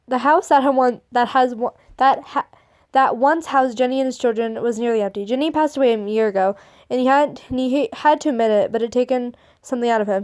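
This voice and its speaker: A woman's voice: high voice, a little mellow. A woman reading fan fiction aloud, often tripping over words and starting her sentences over. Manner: stumbling over words, restarting and laughing at the text.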